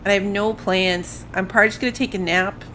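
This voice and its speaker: A medium-pitched, fairly bright female voice moves fast in a steady tone, with a little hiss or hum on the recording. She's a fatigued mom of school-age children and a gaming streamer, rambling casually and yawning here and there during her let's-play.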